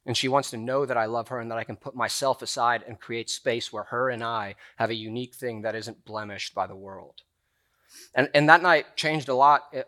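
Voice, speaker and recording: A man's voice: medium pitch, fairly bright tone. A young man preaching a sermon in a church room, telling a personal story in a casual, chatty way full of filler words.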